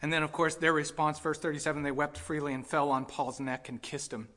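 A male pastor preaching a sermon with passion, swinging between loud pleading and quiet reflection. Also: fairly high pitch, steady tone, brisk.

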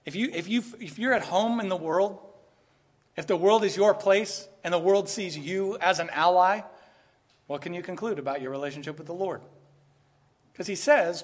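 Man preaching, somewhat high voice, lively, laughs often, acts out quotes. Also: slightly rough. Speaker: pastor. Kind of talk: expository sermon.

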